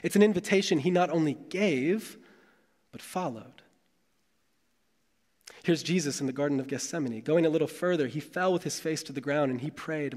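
A man preaching a sermon as pastor, reading scripture in a dramatic, measured delivery with long pauses. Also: on the high side, a little mellow. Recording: long hall reverb.

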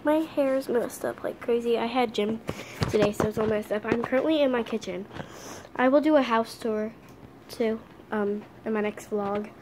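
Earnest high-voiced teen girl vlogger. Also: noisy background. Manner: earnest, with halting restarts. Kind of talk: casual home vlog. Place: home kitchen.

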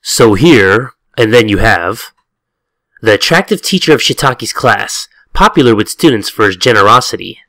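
Animated, wisecracking gaming host. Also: male voice, on the low side, normal speed, no room sound. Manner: animated, jokey and profane, slipping into silly voices. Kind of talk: let's-play commentary, reading game text aloud.

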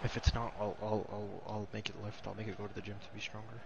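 A young man in casual gaming chat, boasting and trash-talking his friend in a deadpan way. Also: lowish voice, fast talker, creaky, lo-fi sound, very noisy. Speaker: gamer playing with a friend.

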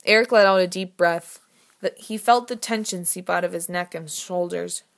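A woman narrating a novel in a measured, expressive storytelling manner. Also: lowish voice, gravelly. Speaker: audiobook narrator. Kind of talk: scripted narration.

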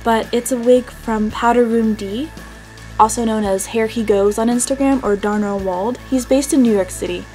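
A woman's voice: a little high, a little mellow. A woman in her twenties from New Jersey, chatting casually through a product review and laughing often. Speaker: beauty vlogger.

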